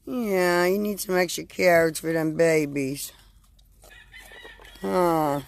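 A woman hosting a live video outdoors on a farm, talking slowly and coaxingly to her animals. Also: fairly low pitch, steady tone, vocal fry. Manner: slow, coaxing talk to animals. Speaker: farm host.

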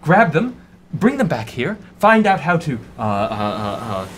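A man playing an excitable stammering sea captain. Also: on the high side, unhurried, a little hiss or hum, voice pushed up. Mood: excited. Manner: stammering, eager, pushy. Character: excitable older male ship captain.

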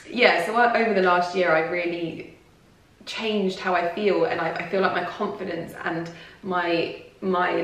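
A woman's voice: lowish voice, distant mic. A woman vlogger chatting to camera in a rambling, confiding way, full of restarts and fillers. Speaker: lifestyle vlogger. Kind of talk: casual personal talk to camera. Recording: very echoey room, voice from off the mic.

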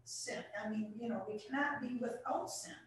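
A woman's voice: a little high, normal speed. A woman taking part in a Bible study discussion, speaking hesitantly with many fillers. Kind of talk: group discussion remark. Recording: echoey room, far from mic.

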